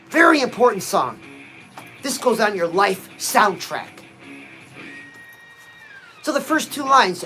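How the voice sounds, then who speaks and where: A man's voice: very high-pitched, big pitch swings, normal speed, long pauses, bright, forceful tone, rough recording. Punchy motivational man, faint music behind. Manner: punchy, exhorting, peppered with "oh". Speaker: motivational livestream host. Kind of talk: motivational pep talk.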